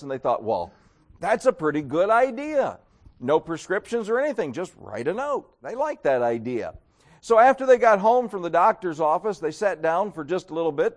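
A middle-aged man delivers a sermon in a folksy, storytelling way, acting out the lines of the people in his stories. His voice sits a little on the high side for a man. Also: darkish tone. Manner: folksy storytelling with acted quotes. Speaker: pastor.

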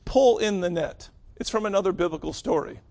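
High-voiced conversational preacher. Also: male voice, fairly quick, a little mellow. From northeastern Pennsylvania. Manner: conversational preaching with rhetorical questions and emphatic stresses. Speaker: pastor. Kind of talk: sermon.

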